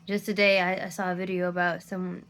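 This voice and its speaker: A woman's voice: fairly low pitch, little pitch movement, fairly quick, fairly bright tone, slight background noise. A woman ranting to her phone camera, tired and near tears, frustrated and swearing often. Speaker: content creator. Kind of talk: emotional rant to camera.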